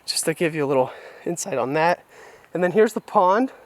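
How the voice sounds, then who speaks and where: A young man from California vlogs outdoors on his family's rural property, recalling his past with open, unguarded reflection. His voice is a little high and fairly quick with lively intonation, caught dry on a camera mic mounted on a handheld tripod.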